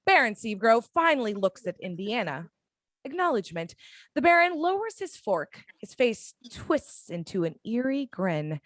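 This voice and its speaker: A woman reading a screenplay's action descriptions as narrator of a fan audio drama, in a dramatic, measured way. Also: a little high, very animated, no room sound.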